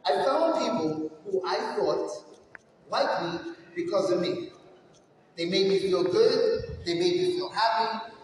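Motivational keynote speaker, man from New York, high voice, energetic storyteller, recorded far off in a long-reverb hall. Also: a little slow. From New York, USA. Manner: energetic storytelling, direct address to the audience. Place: large hall with stage. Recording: echoey hall, far from mic, faint noise.

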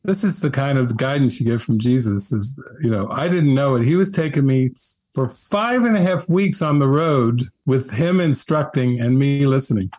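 A middle-aged man speaks gently and articulately as a spiritual teacher telling his story in an interview. His voice sits at an ordinary middle pitch. The recording is dry and close, with no room sound. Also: lively intonation, normal speed, no echo.

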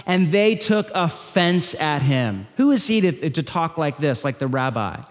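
A man preaching a sermon in a conversational style, swinging between loud emphasis and hushed lines. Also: a little high, expressive, fairly quick, hardly any pauses. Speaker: pastor. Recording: long hall reverb.

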